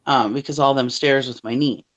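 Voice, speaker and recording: A woman's voice: extremely low pitch, fairly even intonation, moderate pace, dull audio. A woman telling rambling everyday stories in casual chat, laughing often and swearing mildly.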